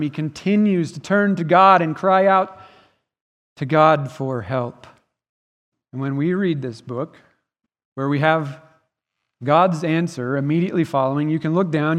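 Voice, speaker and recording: A man's voice: a little high, a little slow. A man preaching a sermon as pastor, earnest and emphatic, his voice swelling and dropping in volume. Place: church sanctuary. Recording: long reverb of a church hall.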